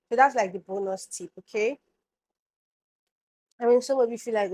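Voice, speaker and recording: A woman's voice: on the high side, moderate pace, long pauses, a little mellow, poor audio. A young woman vlogger giving hygiene advice to camera, frank and emphatic, scolding like a big sister and repeating her points. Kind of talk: casual advice chat to camera.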